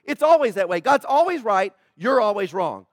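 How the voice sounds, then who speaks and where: A male pastor preaching with a lot of humor and animation, acting out the voices from the stories he tells. His voice sits high for a man. The sound is dry and close, with little room echo. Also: moderate pace. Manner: animated, joking, acts out quoted voices. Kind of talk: sermon.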